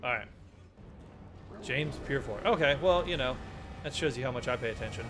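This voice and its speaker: A man's voice: medium pitch, lively intonation, a little fast, music in the background. A young man giving casual commentary while playing a horror game, joking, swearing often and yelping at jump scares. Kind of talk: casual let's-play commentary.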